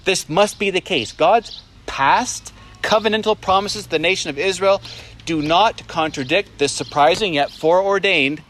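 Middle-aged male pastor, emphatic expository preaching, slightly raised pitch, faint noise behind. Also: normal speed, a bit bright. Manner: emphatic, rhetorical questions, dramatizes God's voice. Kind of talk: expository sermon.

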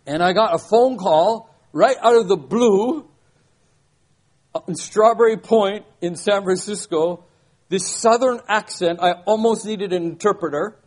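A man's voice: high voice, unhurried, darkish tone. An older man preaching a sermon, emphatic, repeating key phrases and asking rhetorical questions. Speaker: pastor.

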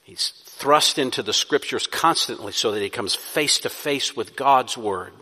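A man's voice: medium pitch, unhurried, pushed and bright. A man preaching a sermon, building to emphatic peaks and then easing back into a conversational tone. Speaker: pastor. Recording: long reverb of a hall.

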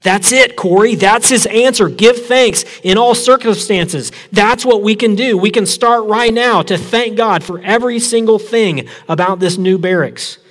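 A man reading aloud and voicing a devout, serene woman prisoner who talks in an earnest, quietly insistent way. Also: extremely high pitch, normal speed, hardly any pauses, pitched above the performer's own voice. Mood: earnest joy.

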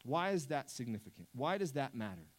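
A man's voice: medium pitch, lively intonation, normal speed. A man preaching a sermon as pastor, conversational and emphatic, often restarting his sentences.

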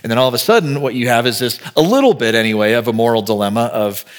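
A male pastor delivers a sermon in a mid-pitched voice. He talks in a loose, conversational way, thinking out loud as he goes and slipping into short acted-out exchanges to illustrate each point. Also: fast. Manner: conversational, thinks aloud, acts out quoted dialogue.

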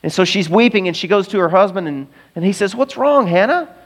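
This middle-aged man delivers a lively, chatty sermon from the pulpit, turning aside now and then to address his congregation. He talks fast in a high-pitched voice.

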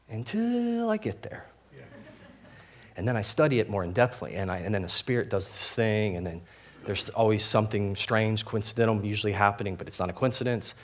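Young man, pastor, conversational sermon, fillers and restarts, frank and self-mocking. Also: on the low side. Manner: candid, self-deprecating, full of fillers and restarts.

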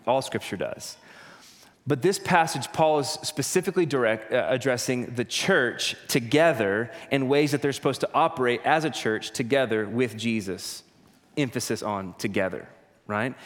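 A man with a middling pitch, praying and then preaching as a pastor. He speaks earnestly and grows higher and more forceful as he presses his points. His voice rings with the long reverb of a church hall. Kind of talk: prayer and sermon.

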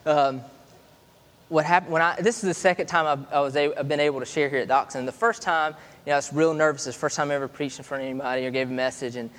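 A man's voice: a little high, steady tone, fairly bright tone. A man in his thirties preaching a sermon in a chatty way, stopping and restarting often. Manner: conversational, halting with many restarts. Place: church hall. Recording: long hall reverb.

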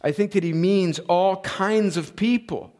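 A fervent preacher in his forties with a fairly high voice, delivering a sermon from the pulpit. He climbs to emphatic, ringing peaks, then eases into a low, chatty aside with his congregation. He is a pastor speaking to his own church. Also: measured pace, darkish tone. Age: 40s. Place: church sanctuary.

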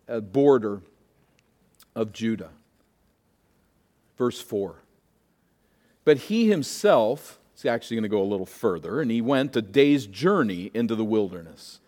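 A pastor preaching a sermon, moving from emphatic peaks down to quieter, hushed asides. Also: male voice, medium pitch.

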